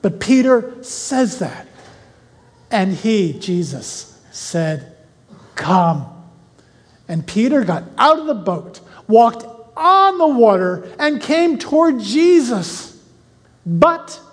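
A Bible teacher who reads scripture slowly, then explains it in a chatty way and asks the listeners questions. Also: mid-range voice. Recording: long hall reverb.

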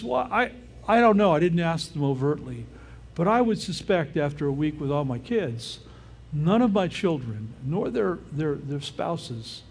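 This older man preaches with a voice that's a little high, darkish and husky. His sermon feels informal and chatty, and he often turns to see how the congregation is doing.

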